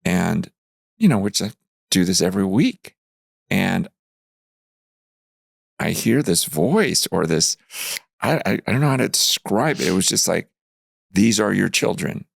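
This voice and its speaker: A man in his fifties, a pastor, telling a story earnestly in conversation, growing animated as he retells it. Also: deep voice, a little slow, vocal fry, long pauses, no room sound, studio quality. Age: 50s. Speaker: pastor, guest.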